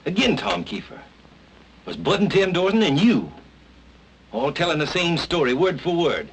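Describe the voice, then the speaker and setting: A man's voice: a little high, very animated, moderate pace, slight background noise, low-quality recording. An actor playing a determined young Southern man in a 1940s film, pressing hard with an insistent manner. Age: young adult. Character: determined young swamp-country man, stubborn.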